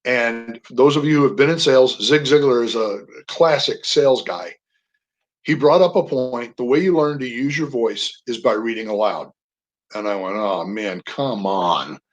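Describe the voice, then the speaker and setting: An older man, a guest on a radio interview, telling personal stories with animated emphasis on single words. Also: mid-range voice, normal speed, low-quality recording. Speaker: guest, veteran.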